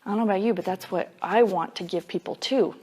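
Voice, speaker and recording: A woman Bible teacher delivering a sermon in a relaxed, conversational way. She leans hard on key points and scatters "like" through her explanations, in a voice of middling pitch. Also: fast talker, slightly rough. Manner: casual and emphatic, with frequent "like" fillers.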